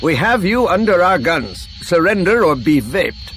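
A man voicing a calm, authoritative male starfighter commander giving clipped orders in an audiobook. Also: high voice, a little slow, faint music behind, pitched above the performer's own voice, heavily acted. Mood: commanding.

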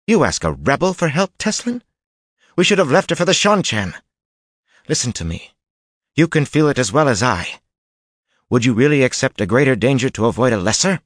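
A man's voice: on the low side, expressive, fairly quick, no room sound, clean studio sound, pitched above the performer's own voice, close to an everyday voice. A man voicing a haughty, displeased sorceress woman who speaks coolly and gives orders in an audiobook. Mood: scornful. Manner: cool and clipped, commanding.

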